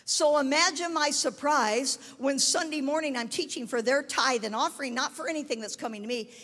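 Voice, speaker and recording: High-pitched woman preaching in a hall. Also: a little fast. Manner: storytelling, rising to shouted proclamations. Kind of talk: sermon testimony.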